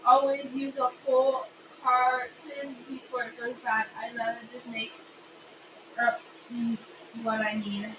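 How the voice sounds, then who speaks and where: A woman's voice: fairly high pitch, level tone, slow. A woman co-hosting a live cooking stream, chatting playfully and teasing her partner. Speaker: co-host. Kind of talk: casual live chat. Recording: echoey, distant, loud noise.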